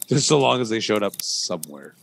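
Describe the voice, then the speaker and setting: A man's voice: fairly low pitch, very animated, a little fast, gravelly, slight background noise. A man in casual chat who laughs a lot and fires off jokey comebacks.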